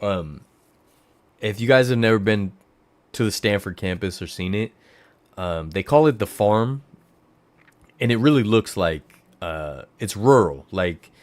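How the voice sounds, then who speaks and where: A man from the Bay Area of California hosting a livestream, chatting casually and rambling, his voice jumping up high when he gets excited. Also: unhurried, pauses often, no room sound. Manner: rambling storyteller who jumps to high excited exclamations. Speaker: livestream host.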